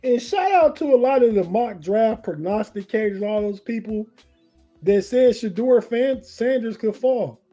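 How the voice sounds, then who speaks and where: A man's voice: high voice, animated, a little slow, mellow, soft background music. A man co-hosting a live sports podcast in a rambling, casual way, often restarting his sentences. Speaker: podcast co-host.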